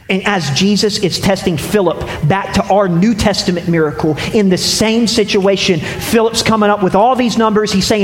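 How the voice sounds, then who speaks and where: A male pastor delivers a sermon in a noticeably high voice, bringing it to life by acting out short dialogues. The sound carries a long reverb, as from a large hall, with faint ambience behind him. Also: normal speed, slight background noise. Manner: animated, acts out voices in dialogue. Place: church sanctuary.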